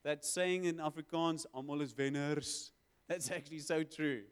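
A man preaching a sermon, conversational with quick asides and emphatic swells. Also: a little high, smooth. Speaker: pastor. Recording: hall with long reverb.

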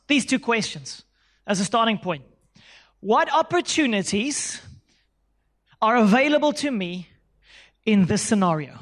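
A man with a very high voice preaches a sermon with emphasis. He repeats his key phrases and calls on the congregation to say lines back to him, building each point step by step. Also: fairly bright tone. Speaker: pastor.

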